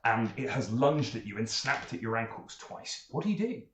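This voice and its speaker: A man narrating as game master, playful and animated, jumping up in pitch for emphasis. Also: moderate pace. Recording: echoey room mic with faint noise.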